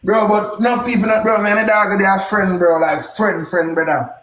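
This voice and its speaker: Young jamaican man, high voice, animated patois storytelling, echoey room, faint noise. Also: normal speed. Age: young adult. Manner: animated, patois-heavy street storytelling with shouted exclamations. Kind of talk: casual storytelling.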